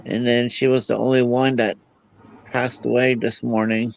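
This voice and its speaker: A grieving man talking haltingly on a livestream call, often repeating his words as he goes. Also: medium pitch, level tone, creaky, rough recording. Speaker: livestream guest. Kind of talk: casual video call chat.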